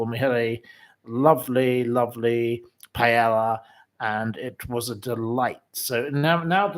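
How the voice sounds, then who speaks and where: A man hosting a casual livestream from a room in a house, chatting and reading out viewer comments in a rambling way full of fillers and flamboyant asides. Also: medium pitch. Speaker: livestream host.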